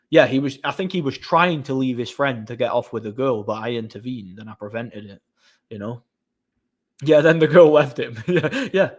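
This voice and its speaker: Rambling man telling stories on a live stream. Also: mid-range voice. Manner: rambling storytelling with frequent restarts. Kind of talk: casual live stream chat.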